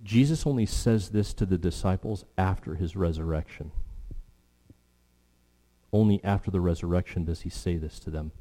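A man preaching a sermon, emphatic, slowing down to stress key phrases. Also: low voice, dark tone. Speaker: pastor.

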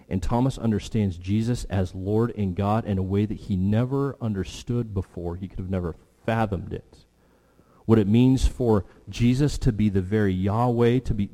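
A man preaching a sermon, emphatic, slowing down to stress key phrases. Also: on the low side, warm tone. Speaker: pastor.

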